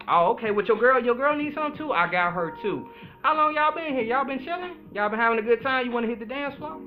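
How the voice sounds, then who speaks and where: A man playing a brash, flashy guy who hits on a woman at a club, talking loud and boastful and eager to please. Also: very high-pitched, lively intonation, fast, voice pushed up. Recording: phone-like sound with music behind.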